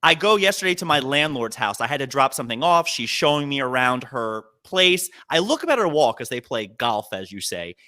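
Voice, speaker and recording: A man co-hosting a podcast, telling funny stories in casual comedic chat with an animated delivery that drops into low asides. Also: a little fast, few pauses. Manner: animated storyteller, swings between loud and low asides. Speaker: podcast co-host.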